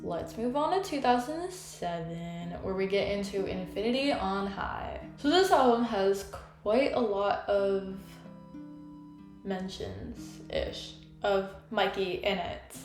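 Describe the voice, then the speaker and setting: A young woman talks through a fan-history story, gossipy and animated, scattering "like" through every sentence. Her voice sits at a middle pitch and rings in an echoey room. Soft music plays faintly behind her. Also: slow pace. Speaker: YouTuber. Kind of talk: casual commentary video.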